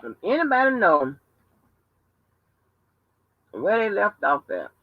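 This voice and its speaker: A woman's voice: medium pitch, sing-song, takes it slowly, dry recording. A woman hosting a casual livestream from home, talking in a profane, emphatic, storytelling way. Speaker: livestream host. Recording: dull lo-fi livestream audio.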